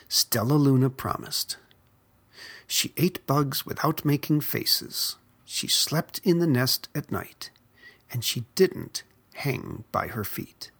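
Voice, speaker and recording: A storyteller reading a children's picture book aloud in a soft, gentle whisper. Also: medium pitch, lively intonation, takes it slowly, vocal fry, breathy edge.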